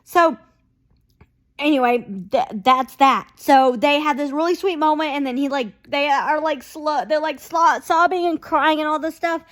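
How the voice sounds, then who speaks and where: A woman talks through a TV episode in a loose, chatty vlog. Her voice sits high, and she rambles, gushes and acts out the characters' lines as she goes. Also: fairly even intonation, unhurried, fairly bright tone. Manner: gushing, rambling, full of "like" and quoted reactions. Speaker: TV show reviewer. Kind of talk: casual recap vlog.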